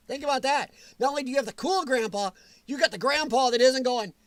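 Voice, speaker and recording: A man hosting a casual livestream, answering viewers' comments in a chatty, animated way with frequent chuckles. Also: extremely high pitch, fast talker, no room sound. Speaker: livestream host.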